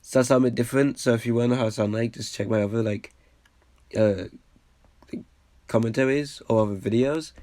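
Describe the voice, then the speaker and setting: A slightly ill man loosely comments on an old video of his, restarting sentences, using lots of fillers and repeatedly making fun of himself. His medium-pitched voice is steady and mellow, fairly quick with frequent pauses, in a dry, close recording without echo or room sound.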